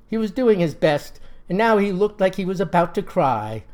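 A man with a Southern US accent telling a comic tale in a folksy, deadpan, mock-solemn style. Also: high-pitched, normal speed. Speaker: storyteller.

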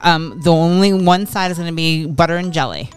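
Smooth-voiced woman co-hosting a chat show. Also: lowish voice, brisk, soft background music. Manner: easygoing, hesitant, with fillers and giggles. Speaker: co-host. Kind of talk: casual radio show chat.

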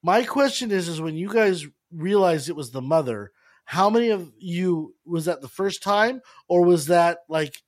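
High-pitched male host, quizzing co-hosts in a loose, restarting way. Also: expressive. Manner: questioning, halting restarts. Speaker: podcast host. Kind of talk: casual film review chat.

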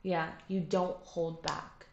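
A young woman from Jerusalem, a podcast guest, telling her story in an earnest, animated way with many fillers. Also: fairly low pitch, takes it slowly, vocal fry, slight background noise. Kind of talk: casual conversational interview. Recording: roomy, muffled lo-fi sound.

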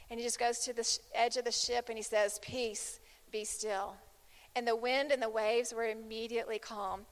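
A woman preaching a sermon, emphatic and repeating phrases as she builds intensity. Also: a little high. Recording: long hall reverb.

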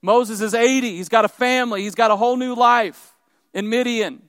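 A man's voice: very high-pitched, steady tone, moderate pace, fairly bright tone, no room sound, clean studio sound. A male pastor preaching a sermon, retelling a story in a conversational way with asides to the congregation.

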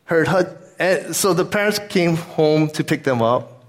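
An earnest man preaches a sermon in a slightly raised voice. His delivery is conversational and relaxed, and he drifts easily into telling a personal story before returning to his point. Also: on the high side, unhurried, a little hiss or hum. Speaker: pastor.

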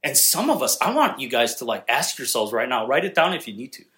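A man's voice: medium pitch, big pitch swings, brisk, sharp tone. A young man preaching a sermon in a conversational, joking manner, talking directly with the congregation. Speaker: pastor.

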